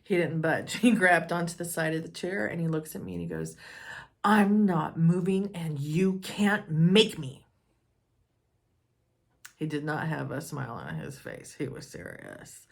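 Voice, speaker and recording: Woman, storytelling talk, gravelly fry, animated, acts out dialogue. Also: sits low, brisk, few pauses. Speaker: speaker on personal boundaries.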